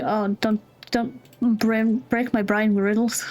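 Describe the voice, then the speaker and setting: A woman's voice: fairly high pitch, fairly even intonation, measured pace. A woman commenting casually on a game as she plays, chatty, joking and swearing freely. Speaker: gameplay streamer. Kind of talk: casual let's-play commentary.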